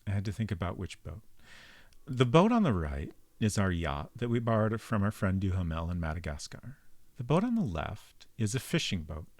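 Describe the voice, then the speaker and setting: A man giving casual live-stream commentary while playing a game, chatting with viewers and thinking out loud. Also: on the low side, very animated, normal speed, no echo.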